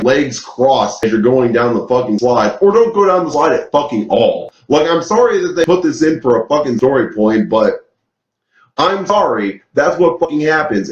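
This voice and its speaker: Man, angry ranting reviewer, constant swearing, lots of "like", mid-pitched voice, roomy echo. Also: muffled recording. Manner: swears heavily, rants angrily with filler "like". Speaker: TV show reviewer.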